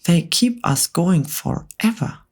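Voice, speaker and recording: A woman's voice: lowish voice, expressive, takes it slowly, creaky, a little mellow, slightly rough, voice pushed up, full character voice. A woman voicing a cheerful male monkey in an ASMR whispered role-play, with a sing-song delivery. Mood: excited.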